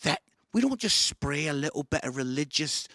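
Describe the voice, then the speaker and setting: A man preaching an online sermon, animated and enthusiastic, shouting some lines and growing soft and low at others. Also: moderate pace, no room sound, clean studio sound. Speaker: pastor.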